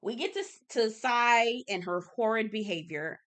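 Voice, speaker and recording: A woman hosting a casual reality TV recap, sassy, emphatic and quick to swear. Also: on the high side, expressive, fairly bright tone. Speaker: TV recap host.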